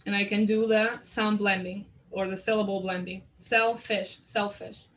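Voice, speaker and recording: A woman training teachers in a literacy method, explaining it and sounding out example words slowly and deliberately. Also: medium pitch, little pitch movement, poor audio. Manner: slow, deliberate word modeling. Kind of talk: instructional demonstration.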